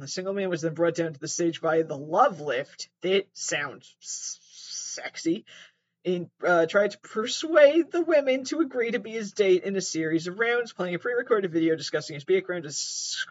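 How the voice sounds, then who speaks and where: A man's voice: high voice, big pitch swings, normal speed, dull audio. A man sitting on his mattress at home, reading aloud and riffing in a rambling, sarcastic, self-deprecating way, with some swearing. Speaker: host. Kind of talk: casual commentary, reading aloud.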